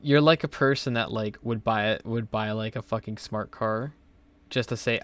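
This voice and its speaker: A man's voice: fairly low pitch, moderate pace, fairly bright tone. A young man hosting a podcast, telling stories in a rambling, profane way full of fillers. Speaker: podcast host. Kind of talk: casual podcast chat.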